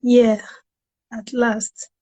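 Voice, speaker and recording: A woman hosting a casual live stream, her voice rough from a cold, chatting and greeting viewers by name while she waits for guests. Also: fairly high pitch, level tone, very slow, mellow, muffled recording.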